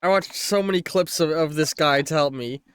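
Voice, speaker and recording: A man's voice: fairly high pitch, moderate pace, a bit bright, clear, resonant tone, no echo, clean studio sound. A man narrating as game master of a tabletop game on a stream, rambling and correcting himself as he goes.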